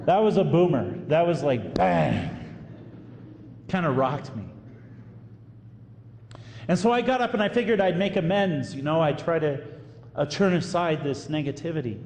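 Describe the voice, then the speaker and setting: A priest telling a story in a sermon, animated and acting out the voices of the people in it. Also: male voice, on the high side, moderate pace, a little hiss or hum. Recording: echoey hall with faint room ambience.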